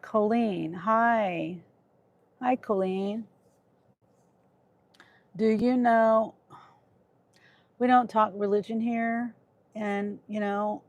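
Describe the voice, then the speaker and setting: Woman streamer, slow unhurried talk, chatting with viewers, a bit irritable. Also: mid-range voice, fairly even intonation, no echo, dull audio. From Kansas. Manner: talks to chat, irritated, trailing off. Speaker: livestreaming gig delivery driver. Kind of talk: casual livestream chat.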